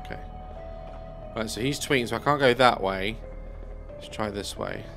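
A man's voice: on the low side, moderate pace, vocal fry, music in the background. A man giving let's play commentary on a video game, chatty and bemused, thinking aloud as he plays. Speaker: gaming YouTuber.

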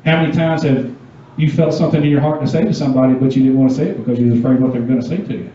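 A man's voice: medium pitch, racing, dark tone. Youth preacher, male, conversational, quizzes the room; muffled distant recording in a church hall. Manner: casual, asks the audience questions. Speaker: youth pastor. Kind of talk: youth sermon with scripture reading. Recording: echoey dull room sound from far off.

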